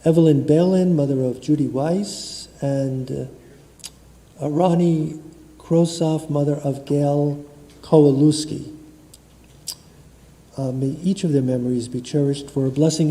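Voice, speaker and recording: Slow, dark-voiced man leading worship. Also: on the high side. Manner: measured, reads a memorial list of names; chants Kaddish prayer slowly. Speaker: synagogue service leader. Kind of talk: leading a prayer service. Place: synagogue sanctuary. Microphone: livestream room mic. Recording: long reverb of a large sanctuary.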